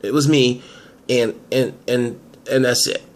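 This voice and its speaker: A man's voice: medium pitch, steady tone, a little slow, natural voice. A man voicing a panicky young man in an amateur soap drama who stammers and pleads. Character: panicky young man, a cornered liar, begging.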